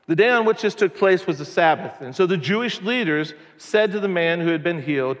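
A man preaching a sermon, telling stories in a conversational, animated way. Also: high voice, brisk, few pauses. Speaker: pastor. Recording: long hall reverb.

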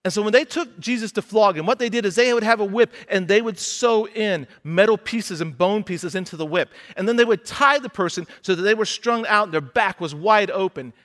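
A man's voice: high-pitched, fairly quick, few pauses, a bit bright. A man preaching a sermon, retelling a scripture story in a conversational way and acting out the characters' lines.

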